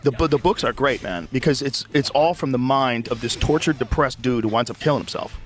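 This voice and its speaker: Fast, emphatic man in casual chat. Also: mid-range voice. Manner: animated, emphatic, repeats himself.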